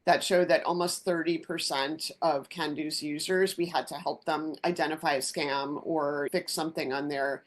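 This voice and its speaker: A middle-aged woman with a fairly low voice speaks as a company founder in a relaxed interview. She tells stories in an animated way and acts out the back-and-forth of conversations. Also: moderate pace, few pauses. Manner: animated anecdotes with acted-out dialogue.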